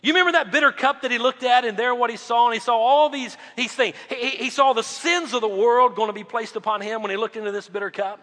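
High bright preacher guy, swings loud to hushed, long hall echo. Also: fast talker, hardly any pauses. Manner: swings between loud rising emphasis and quiet low drops. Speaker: pastor. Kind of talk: sermon.

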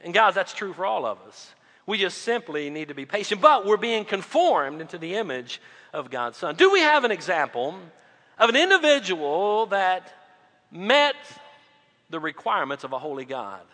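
High bright preacher guy, swings loud to hushed, long hall echo. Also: sing-song, normal speed. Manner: swings between loud rising emphasis and quiet low drops. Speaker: pastor. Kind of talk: sermon.

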